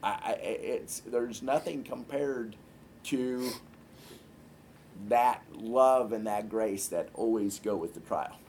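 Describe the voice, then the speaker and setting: A man in a casual Bible study discussion, speaking reflectively and softly as a group participant. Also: mid-range voice, slow, slight background noise.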